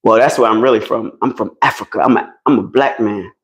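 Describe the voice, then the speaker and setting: A man's voice: fairly low pitch, fairly quick, slightly rough, dry recording, rough recording. A man from New Jersey with a New Jersey accent, chatting casually and animatedly with viewers on a live stream. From New Jersey, United States. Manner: animated, chatty, addresses viewers directly, laughs often.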